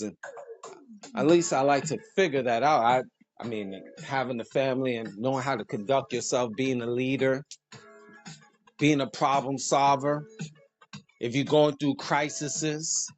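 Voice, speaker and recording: A man hosting a casual monologue, preachy and animated, joking and laughing at his own lines. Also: a little high. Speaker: host.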